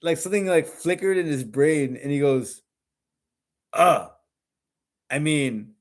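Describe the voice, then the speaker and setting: A man's voice: fairly high pitch, expressive, slow. A man co-hosting a podcast in casual chat, a rambling storyteller who repeats words and laughs often. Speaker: podcast co-host.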